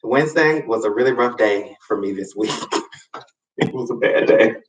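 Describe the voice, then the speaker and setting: A man hosting a live show, telling a personal story in a casual, expressive way with sassy asides and sudden high swoops for emphasis. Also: normal speed. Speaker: host. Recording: roomy, slightly distant mic.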